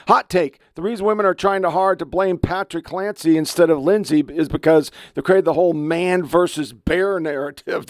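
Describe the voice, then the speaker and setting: A man's voice: on the high side, normal speed, hardly any pauses, dry recording, studio quality. A man in his fifties hosting a podcast, reacting to online clips in a blunt, profane, emotional rant. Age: 50s. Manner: blunt, profane, heated ranting. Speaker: podcast host.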